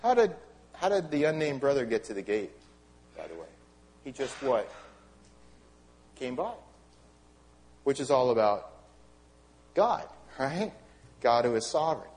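A middle-aged male pastor preaching a sermon in a conversational, animated way, asking the congregation rhetorical questions and adding wry asides. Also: medium pitch, unhurried, pauses often.

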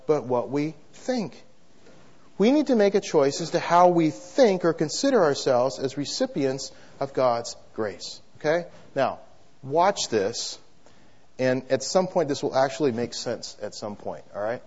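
A man's voice: fairly high pitch, slightly rough. Pastor guy preaching, voice jumps all over, kinda dull lo-fi sound. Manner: animated, has the congregation repeat phrases. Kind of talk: sermon.

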